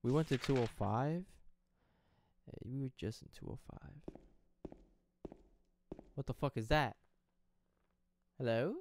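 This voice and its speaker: A young man commenting casually as he plays through a horror game, reacting out loud, swearing and talking to the screen. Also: mid-range voice, takes it slowly, creaky, long pauses, background noise. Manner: jumpy, swearing, talks to the game. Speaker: gaming streamer. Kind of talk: let's play commentary.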